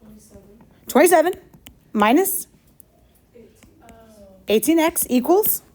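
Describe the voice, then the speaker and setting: A woman's voice: high-pitched, expressive, darkish tone. Upbeat woman teaching a math class. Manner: upbeat, quick, calls out questions to students. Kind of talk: classroom lesson.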